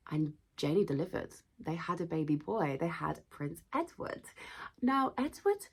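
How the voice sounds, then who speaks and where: A young woman with a husky, low voice tells history like juicy gossip. She is chatty and slangy, tossing in dramatic asides as she goes. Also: darkish tone. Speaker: history video host. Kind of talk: gossipy casual storytelling.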